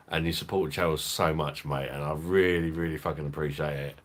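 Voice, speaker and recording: A man's voice: sits low, fairly bright tone. A young man with a London accent hosting a casual live stream, reading out chat, swearing and laughing often. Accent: London English. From London, England.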